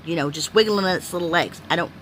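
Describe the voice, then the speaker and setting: A woman's voice: fairly low pitch, quick pace, fairly bright tone, a little hiss or hum. A woman telling a story in a rambling, chatty way, full of "you know" fillers, sounding weary and exasperated. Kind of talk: casual story time.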